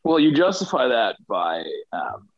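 A man co-hosting a casual football podcast, delivering his jokes deadpan and sarcastic. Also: mid-range voice, unhurried, no echo. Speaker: podcast co-host. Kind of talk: casual sports chat. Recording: dull, dry lo-fi sound.

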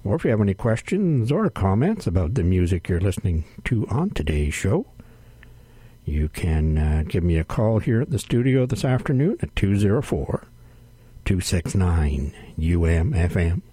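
A man hosting a radio music show from a studio, announcing tracks in an unhurried way with frequent "uh" fillers. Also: low voice, very animated, warm tone, husky, dry recording. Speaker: radio host.

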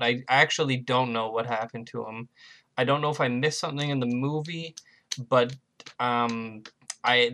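Man, podcast co-host, bright tense voice, casual rambling, fillers. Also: mid-range voice. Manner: rambling, joking, many fillers. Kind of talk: casual chat.

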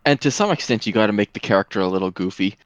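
A somewhat low man's voice, dry and close to the mic, in a casual movie chat. He speaks hesitantly, circling around his point with fillers. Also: animated, rapid-fire, no room sound. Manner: hesitant, searching for words with many fillers. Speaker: podcast co-host.

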